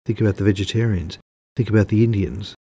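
A man's voice: fairly low pitch, quick pace, dark tone, husky. A man voicing a smug male magazine editor who lectures a writer over the phone. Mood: smug lecturing.

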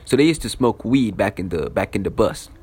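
Animated young man telling a story. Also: on the low side, fairly quick, breathy edge. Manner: loose, profane, filler-heavy. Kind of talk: casual spoken storytelling.

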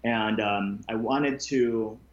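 A man being interviewed as a guest, telling his story candidly with halting restarts. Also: fairly low pitch, fairly even intonation, highs cut off. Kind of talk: casual conversation.

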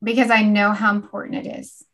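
A woman's voice: medium pitch, level tone, brisk, a bit bright, lo-fi sound. A woman co-hosting a podcast, talking earnestly and reflectively in casual conversation. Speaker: podcast co-host.

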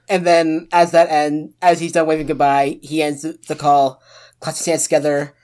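A woman playing in a tabletop game. Her voice sits very low for a woman. She speaks hesitantly, with frequent "uh" pauses. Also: flat delivery, darkish tone. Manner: hesitant, filler-heavy. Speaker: player.

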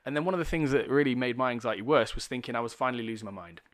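A man's voice: mid-range voice, very fast, fairly bright tone. A man talking candidly in a casual podcast conversation, explaining things with plenty of swearing. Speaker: podcast guest.

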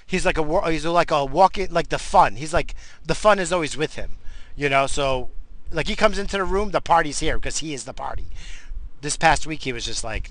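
A man's voice: fairly high pitch, big pitch swings, a little fast, a bit bright, dry recording, rough recording. A man hosting a podcast, ranting in an angry, profane and exasperated way. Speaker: podcast host.

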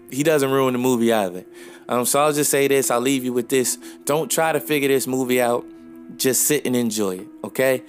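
An opinionated man hosts a casual podcast, reviewing a film and speaking straight to his listeners, often pausing on "um". His voice sits at an ordinary middle pitch, with faint music playing softly underneath. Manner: opinionated, frequent "um" fillers, direct address to listeners.

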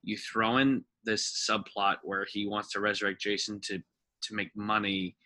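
Bright-voiced man chatting about films. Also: lowish voice, moderate pace. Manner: rambling, animated, mimics film dialogue. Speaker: podcast co-host. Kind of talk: casual film review chat.

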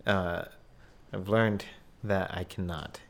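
Very deep-voiced laid-back young man. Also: fairly even intonation, slow, vocal fry. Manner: laid-back, rambling, self-mocking. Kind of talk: casual chat.

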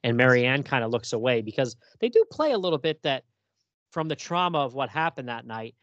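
A man co-hosting a casual film discussion, animated, laughing often and acting out characters' lines. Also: mid-range voice, fairly quick, no room sound, dull audio. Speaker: podcast co-host.

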